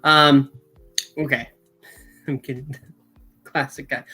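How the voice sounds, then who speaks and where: A man's voice: mid-range voice, flat delivery, takes it slowly, sharp tone, husky, poor audio. An American man co-hosting a live fan podcast, playful and giggly in casual chat. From United States. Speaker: podcast co-host.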